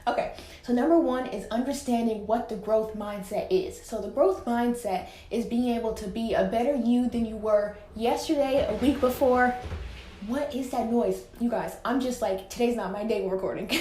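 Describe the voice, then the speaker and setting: Slightly out of breath, a teen girl hosts a casual solo podcast indoors at home, peppering her talk with filler words. Her voice is fairly high with a dark tone, set in an echoey room.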